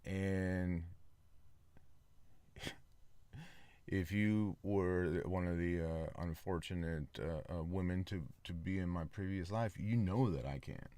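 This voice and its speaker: A man's voice: low-pitched, takes it slowly, pauses often, mellow, smooth, dry recording. A man hosting his own podcast, talking in a casual, rambling solo monologue with many fillers and repeats. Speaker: podcast host.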